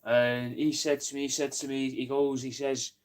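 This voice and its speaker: A man's voice: mid-range voice, flat delivery, moderate pace. A man in casual livestream chat, rambling, joking and swearing while he lists crafts for sale.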